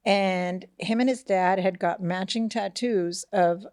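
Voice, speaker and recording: A middle-aged woman telling a family story in casual podcast chat, animated, acting out the voices of the people in it and often asking "right?". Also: medium pitch, slow pace, no room sound, clean studio sound. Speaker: podcast co-host, mother of the host.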